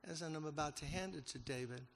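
A man preaching a sermon as a story, emotional and rising to loud, emphatic peaks. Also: a little high, brisk, vocal fry, a little hiss or hum. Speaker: pastor. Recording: long hall reverb.

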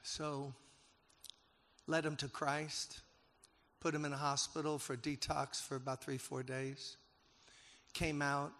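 A man preaching a sermon as a story, emotional and rising to loud, emphatic peaks. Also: on the high side, level tone, slow pace. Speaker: pastor. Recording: long hall reverb.

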